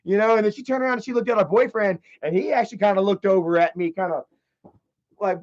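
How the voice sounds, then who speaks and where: A man streaming live, telling a story in a casual, rambling way, with lots of profanity and animated energy. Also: sits high, quick pace. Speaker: livestreamer. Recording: slightly dull lo-fi stream audio.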